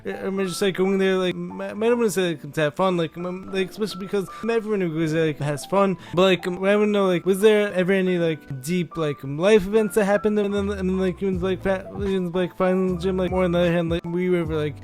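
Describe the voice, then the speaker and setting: A young man hosts a podcast, his voice pitched high and his speech quick, piling "like" and "um" into nearly every phrase as his questions ramble on. Faint music sits behind him. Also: fairly even intonation, a little mellow. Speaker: podcast host. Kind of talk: casual podcast interviewing.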